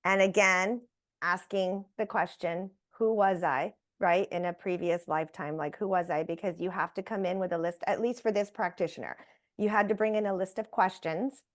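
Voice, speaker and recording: A woman, a guest on an interview show, telling a personal story in a lively way and acting out the voices she quotes. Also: fairly low pitch, moderate pace. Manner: animated, acts out quoted voices.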